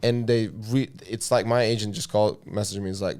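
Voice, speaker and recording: A man's voice: lowish voice, fairly even intonation, fairly quick, hardly any pauses, darkish tone. A man, a stuntman and actor, talking casually as a podcast guest and chatting loosely with many restarts and fillers.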